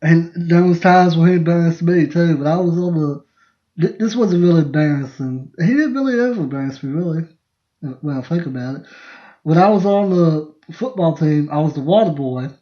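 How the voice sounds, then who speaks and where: A man's voice: on the high side, moderate pace. A man, hosting a podcast and telling rambling, laughing family stories in a casual live stream. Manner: rambling, laughing, restarts mid-sentence. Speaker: podcast host. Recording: lo-fi dull sound.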